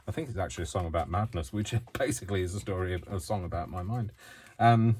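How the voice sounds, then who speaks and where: A man's voice: sits low, a little fast, long pauses, a little mellow, slight background noise. A man chatting casually to camera while making a collage, laughing to himself as he works. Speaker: crafting vlogger. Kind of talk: casual crafting chat.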